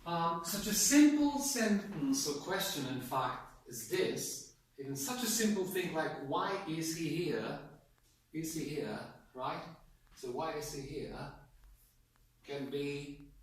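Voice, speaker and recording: A man's voice: on the high side, fairly bright tone. A man teaching an English pronunciation class, prompting students and drawing out example words. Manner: prompting, drawn-out model words. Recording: echoey classroom from far off.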